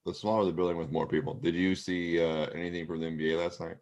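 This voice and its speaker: Low-voiced male co-host, loose rambling sports chatter. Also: level tone, fast talker, darkish tone, lo-fi sound. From Pacific Northwest of the US. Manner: rambling, loose storytelling with many fillers. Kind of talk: casual sports chat.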